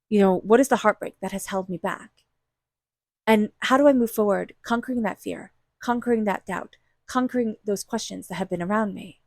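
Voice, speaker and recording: A woman's voice: mid-range voice, darkish tone, dry recording, clean studio sound. Earnest woman giving a tarot reading. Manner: earnest, repetitive, emphatic spiritual encouragement. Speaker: tarot reader.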